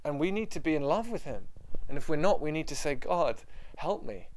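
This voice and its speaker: A man's voice: on the high side, lively intonation, quick pace. A man preaching a sermon to a room of listeners, impassioned and emphatic, repeating his points. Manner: impassioned, emphatic and repetitive, dropping to quiet prayer.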